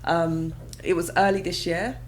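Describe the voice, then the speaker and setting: A woman in her thirties, an interview guest telling her own story in a candid, conversational way, breaking into high excited exclamations as she recalls moments. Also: measured pace, slight background noise, rough recording. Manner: animated, bursts into high excited exclamations and laughter when retelling moments.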